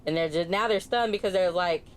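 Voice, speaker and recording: A woman in her thirties with a low voice and a Bay Area Californian accent. She chats casually on a podcast and tells animated stories full of slang, voicing the other people in them. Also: a little fast, slight background noise. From San Francisco Bay Area. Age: 30s. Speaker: podcast co-host. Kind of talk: casual storytelling chat.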